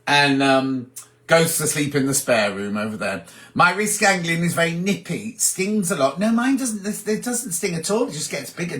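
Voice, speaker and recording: A man's voice: a little high, bright, forceful tone. A man from England hosting a casual live chat, reading viewer comments aloud and answering them.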